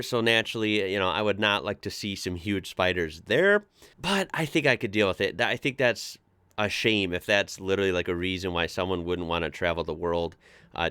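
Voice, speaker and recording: Chatty American man, smooth close voice. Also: sits low, pushed and bright, dry recording. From United States. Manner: chatty, laughs easily, reads captions aloud. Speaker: reaction channel host. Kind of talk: casual reaction commentary.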